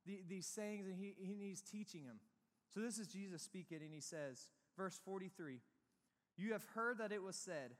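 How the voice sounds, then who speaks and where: A young man preaching, high-pitched and full of animated, excitable energy as he tells a story. His voice rings out with a long reverb, as in a large hall. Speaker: youth pastor. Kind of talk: sermon with a personal story.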